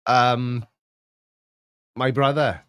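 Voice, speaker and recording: A middle-aged Welsh man hosting a relaxed chat, his voice sitting at an ordinary pitch. He rambles and loops back with lots of yeahs. The sound is dry and close, with no room echo. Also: extremely slow, clean tone. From Wales. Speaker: channel host. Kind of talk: casual chat.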